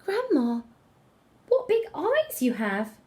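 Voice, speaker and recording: A woman's voice: high voice, huge pitch swings, slow, voice pushed up, full character voice. A woman voicing a brave, cheerful little girl in a read-aloud fairy tale, speaking boldly. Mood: bold, childlike. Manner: bold, bright.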